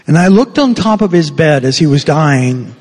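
An older man delivers a sermon as a parish priest, his voice a little husky and pitched somewhat high. He speaks very slowly, leaning on pauses for weight. The church rings with a long reverb around him. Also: lively intonation, a little mellow. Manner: slow, deliberate preaching with emphatic pauses.

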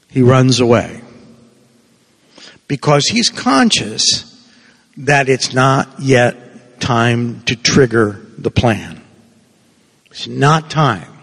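A man's voice: on the high side, vocal fry, slightly rough, big-room sound. A man preaching a sermon, telling the story in a conversational way and acting out the voices of the people in it.

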